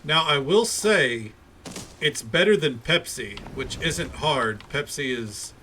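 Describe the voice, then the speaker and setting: A man's voice: on the high side, animated, takes it slowly, bright, forceful tone, a little hiss or hum. A man streaming a video game, chatting casually and rambling, with frequent cursing and restarts. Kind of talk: casual gaming commentary.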